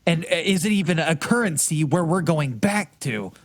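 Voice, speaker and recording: A man's voice: on the high side, lively intonation, normal speed. A man playing his character in a tabletop game, earnest and given to restarts. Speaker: player. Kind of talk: in-character tabletop role-play.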